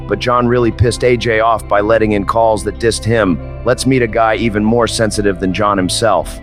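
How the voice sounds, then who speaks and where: Deep-voiced man, sarcastic narration. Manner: dry and sarcastic. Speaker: documentary narrator. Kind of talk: scripted narration.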